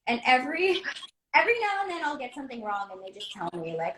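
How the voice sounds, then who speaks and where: A woman voice actor chats casually and loosely, full of fillers, as she reads out fan requests. Her voice sits a touch high. The room around her echoes and carries faint noise. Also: big pitch swings, fast, fairly bright tone. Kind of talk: casual chat at an autograph signing.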